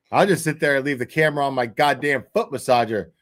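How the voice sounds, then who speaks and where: A man's voice: medium pitch, fairly quick, few pauses, fairly bright tone. A man hosting a livestream, chatting casually in profane, rambling, jokey rants. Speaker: livestream host.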